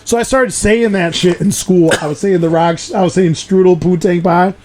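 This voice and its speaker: Excitable high-voiced man telling stories. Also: moderate pace, slight background noise. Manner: excitable, profane storytelling with laughs. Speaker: podcast host. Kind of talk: casual chat.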